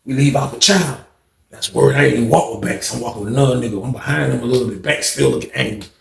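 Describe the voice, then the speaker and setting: Gravelly slangy man telling a story. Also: medium pitch, fast, echoey room, a little hiss or hum. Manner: slangy, animated, repeats "you know what I mean". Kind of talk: casual storytime monologue.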